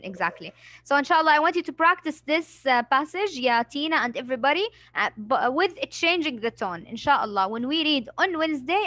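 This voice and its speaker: A woman's voice: high voice, bright, forceful tone, dry recording. A woman teacher leading a reading lesson, patient and encouraging, who sprinkles Arabic words into her talk.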